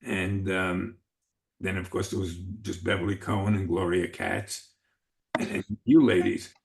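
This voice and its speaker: A man in his seventies from New York City, speaking in a relaxed, reminiscing way. His voice is low and gravelly with plenty of fry. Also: measured pace. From the Bronx, New York City. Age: 70s. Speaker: interviewee. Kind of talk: oral history interview.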